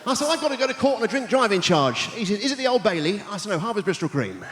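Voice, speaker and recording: A man doing stand-up, delivering quick punning one-liners with deadpan setups on a theatre stage. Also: sits high, long reverb tail, very noisy. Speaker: stand-up comedian. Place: large theatre stage before a live audience.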